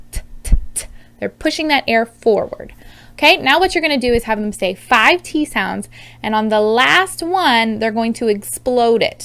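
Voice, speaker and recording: A woman in her thirties with a fairly high voice explains speech sounds in a bright, upbeat teaching manner. She often breaks off to model sounds aloud, as in a friendly instructional video. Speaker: speech therapist teaching parents.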